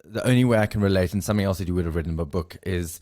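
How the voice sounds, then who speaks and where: A man hosting a podcast interview, talking candidly in a halting way with many fillers. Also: deep voice, dark tone. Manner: halting, filler-heavy, confessional. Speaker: podcast host.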